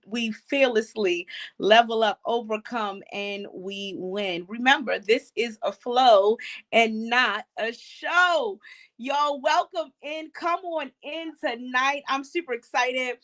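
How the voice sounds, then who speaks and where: A middle-aged woman hosting an online talk show, energetic and preacherly, with many fillers. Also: fairly high pitch, slow. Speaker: host.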